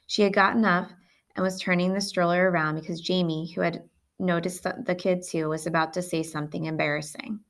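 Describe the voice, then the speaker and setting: A woman's voice: lowish voice, steady tone, brisk. A woman reading a novel aloud in plain first-person narration. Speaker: audiobook reader.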